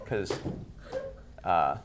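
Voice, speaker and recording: A man playing a dating show contestant, giving deadpan ironic answers. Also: extremely slow, heavy background noise. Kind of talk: joking game show answers.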